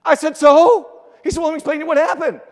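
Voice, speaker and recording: A middle-aged man giving an energetic motivational keynote speech in a large conference hall, telling stories and acting out the dialogue. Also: very high-pitched, rapid-fire. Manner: energetic, storytelling with acted-out dialogue. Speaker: keynote speaker. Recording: long hall reverb.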